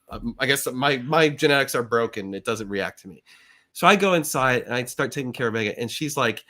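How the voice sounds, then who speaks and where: A middle-aged man hosting a live show, telling an animated story and acting out the voices in it with big jumps in pitch. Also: fairly quick. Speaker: show host.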